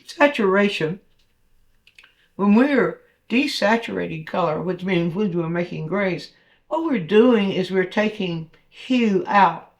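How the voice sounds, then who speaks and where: A man, a painting instructor, talking through a demonstration as he paints, thinking aloud with fillers and restarts. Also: high voice.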